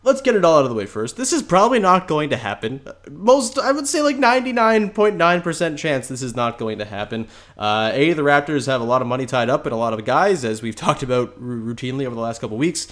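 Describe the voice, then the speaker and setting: A man's voice: medium pitch, lively intonation, quick pace, few pauses, fairly bright tone. Chatty male host with a stuffy nose. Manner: chatty, many fillers and restarts. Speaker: podcast host. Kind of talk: casual sports podcast talk.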